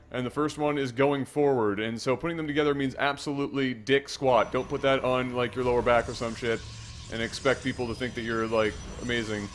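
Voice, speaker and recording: A man's voice: mid-range voice, slight background noise. A man commentating a video game match in a chatty, joking, crude way. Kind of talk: casual gaming commentary.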